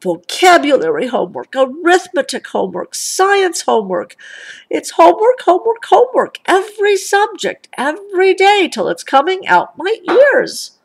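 A whiny young boy bear in a storybook, played by a woman, complaining in a high voice. His pitch climbs and swoops as he protests. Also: big pitch swings, slow pace, few pauses, full character voice.

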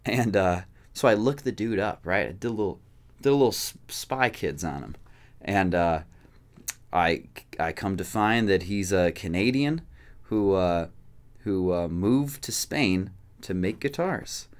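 A male guitarist chatting in a casual vlog, his voice sitting a little low. He talks in loose slang and jokes, leaping up in pitch when excited and dropping back to low asides. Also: unhurried. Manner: slangy and jokey, with big swings up and down in pitch.

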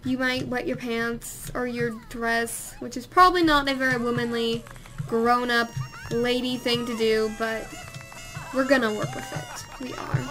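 A woman's voice: on the high side, steady tone, measured pace, a bit bright, soft background music. A young woman chatting casually while playing a life-sim game, exclaiming and scolding the characters. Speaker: let's play host. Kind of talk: casual gameplay commentary.

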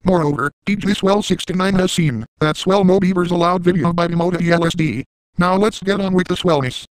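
A man's voice: high-pitched, fairly quick, smooth, no room sound, lightly acted, poor audio. A man voicing a crude, shameless adult man in a comedic first-person parody narration, smug and mocking, with sing-song sound effects. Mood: gleeful, crude.

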